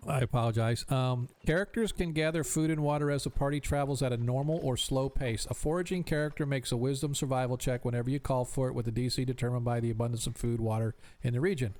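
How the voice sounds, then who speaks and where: Man as tabletop game master, smooth tone, explains rules and fills pauses with ums. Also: medium pitch, fairly even intonation, a little mellow. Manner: thinking aloud, many ums.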